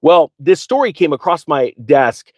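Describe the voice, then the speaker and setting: Excitable man hosting a live finance show. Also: a little high, a little slow, no room sound. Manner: excitable, restarts and stutters often; direct, addresses viewers and asks them to type answers. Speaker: finance livestream host. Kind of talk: live unscripted finance talk.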